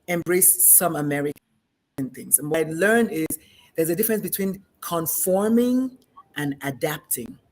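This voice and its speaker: Animated woman from Nigeria, middle-aged. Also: low-pitched, moderate pace. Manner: animated storyteller, acts out quoted voices. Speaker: guest physician. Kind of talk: conversational discussion.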